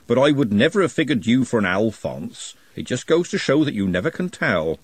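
A man voicing a grinning, nosy baker, teasing and chatty, his voice raised and bouncing about. The sound is dry and husky. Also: mid-range voice, big pitch swings, brisk, no echo, pitched above the performer's own voice.

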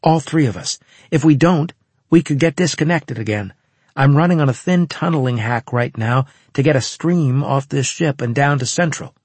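An eager young woman hacker marine, as a man voices her in a spoken storybook, her voice pitched well above his own and pressing quick and insistent. The sound is husky and breathy and sits dry and close to the mic. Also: darkish tone, no room sound, lightly acted.

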